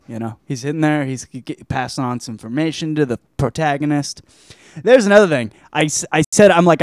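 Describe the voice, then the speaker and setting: A man's voice: fairly high pitch, no room sound, clean studio sound. A man hosting a podcast, reviewing a film in a loose, rambling monologue full of swearing and restarts. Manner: loose, profane, animated, trails off often.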